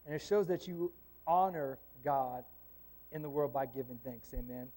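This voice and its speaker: A man's voice: medium pitch, normal speed, dark tone. A man giving a conversational church sermon, joking and asking "amen?" often. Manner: chatty, joking asides, frequent "amen?". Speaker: lay preacher.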